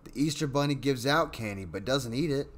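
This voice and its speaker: A man voicing a gentle, sleepy mother who soothes her daughter in a soft voice while reading a story aloud. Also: mid-range voice, fairly quick, slight background noise, voice pushed up, close to an everyday voice. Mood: soothing.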